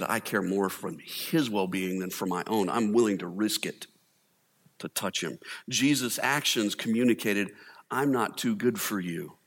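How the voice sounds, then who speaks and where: A man's voice: lowish voice, fairly bright tone. Male pastor, chatty humorous sermon delivery, long hall reverb. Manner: humorous, conversational preaching with acted quotes.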